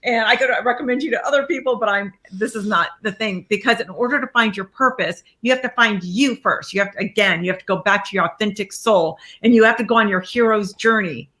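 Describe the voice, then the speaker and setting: A woman, a life coach, being interviewed and telling her story in a lively way, acting out the lines of people she quotes. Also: mid-range voice, a little fast, hardly any pauses.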